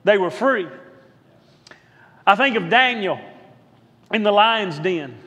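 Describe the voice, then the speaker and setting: High-voiced man preaching in a reverberant church. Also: expressive, takes it slowly, sharp tone. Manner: rhythmic repetition, calls out to the congregation for response. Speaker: pastor. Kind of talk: sermon. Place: church sanctuary.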